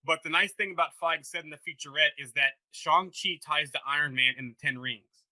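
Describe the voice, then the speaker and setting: A man's voice: fairly high pitch, brisk, pushed and bright. A man hosting a podcast, running through news in casual chat and steering the topics carefully. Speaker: podcast host.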